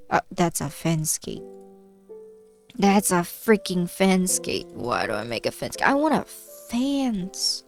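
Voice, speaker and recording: A woman's voice: fairly low pitch, lively intonation, takes it slowly, soft background music. A woman casually chatting to herself and her viewers while she plays a game, playful and talking to the animals on screen. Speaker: streamer. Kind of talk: casual gameplay commentary.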